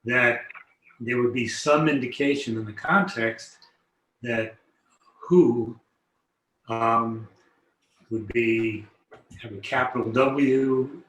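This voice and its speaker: Man, study group participant, slow, tentative, thinking aloud, roomy echo. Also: mid-range voice, fairly bright tone.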